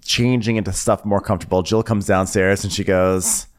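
A man co-hosting a comedy podcast, recapping a reality show in easygoing, deadpan chat. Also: fairly low pitch, normal speed. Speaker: podcast co-host.

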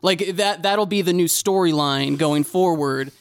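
Man, podcast co-host, fairly high smooth voice, dry close sound, joking asides. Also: unhurried, dry recording. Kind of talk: casual podcast conversation.

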